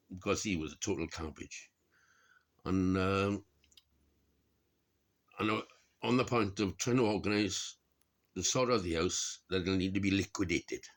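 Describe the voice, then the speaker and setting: A man's voice: sits low, a bit bright. A middle-aged man from Wales, rambling and grumbling to camera, swearing a lot and laughing at his own remarks. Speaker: vlogger. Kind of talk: rambling casual monologue.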